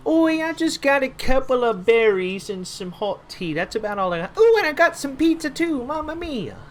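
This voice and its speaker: A man's voice: very animated, moderate pace, slight background noise. A man voicing a whiny, half Italian, half British male villager who begs in a mock accent with Italian exclamations. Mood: pleading. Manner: begging, squeaky, mock Cockney and Italian exclamations.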